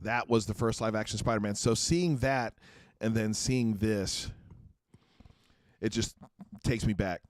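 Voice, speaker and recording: A man hosting a casual pop-culture podcast, excitable, often restarting his sentences. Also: on the low side, a little slow, no room sound, studio quality. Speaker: podcast host. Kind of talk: casual chat.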